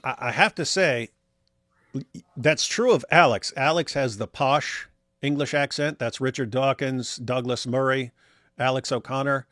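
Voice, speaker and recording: A man's voice: medium pitch, unhurried, a bit bright, dry recording, studio quality. A man co-hosting a casual livestream, reading viewer messages aloud and commenting in a wry, rambling way with many restarts. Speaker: livestream co-host reading super chats.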